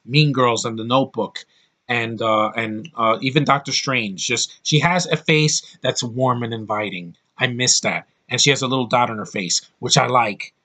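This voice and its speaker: Bright-voiced man ranting about a film. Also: medium pitch, moderate pace. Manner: rambling, opinionated, blunt, frequent restarts. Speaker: film reviewer. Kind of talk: casual film review monologue.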